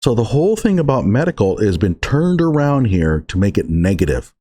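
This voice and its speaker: A man's voice: lowish voice, sing-song, fairly quick, dark tone. A man giving emphatic, sarcastic reaction commentary on an article he is reading through.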